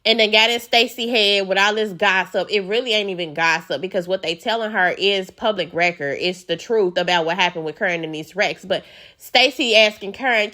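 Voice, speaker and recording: A woman's voice: mid-range voice, a little fast, bright, forceful tone. A woman giving sassy, outspoken, profane commentary as she recaps a reality show.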